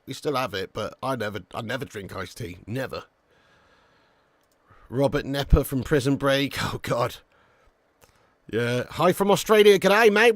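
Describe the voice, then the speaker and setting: In a dry recording, a man with a voice on the high side hosts a live watch-along, reading viewer comments aloud. His banter is loose, laid-back and joking, with frequent swearing and chuckling.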